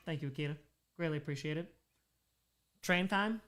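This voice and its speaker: A man's voice: on the high side, normal speed, fairly bright tone. A man hosting a charity livestream, reading out donations and bantering with chat, sometimes in character as a made-up persona.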